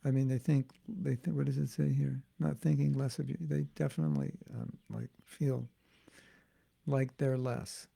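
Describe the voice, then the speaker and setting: Spiritual teacher, male, gravelly voice. Relaxed, musing class talk with lots of restarts. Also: mid-range voice, normal speed. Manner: conversational and musing, with frequent restarts and asides. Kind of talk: informal devotional class talk.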